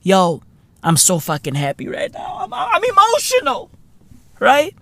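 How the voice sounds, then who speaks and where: A man from South Africa hosts a podcast in a profane, comic rant, dropping "bruv" every other line. His pitch leaps about with lots of life while he talks at an unhurried pace. The sound is dry and close. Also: huge pitch swings, creaky, sharp tone, no echo. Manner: profane, slangy, calls listener "bruv". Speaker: podcast host. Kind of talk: comedic rant.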